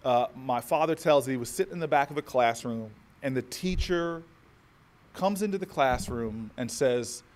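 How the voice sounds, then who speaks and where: A man's voice: medium pitch, normal speed. A man from New Jersey giving an inspirational keynote speech, oratorical with rhythmic repetition and humorous asides. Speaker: keynote speaker.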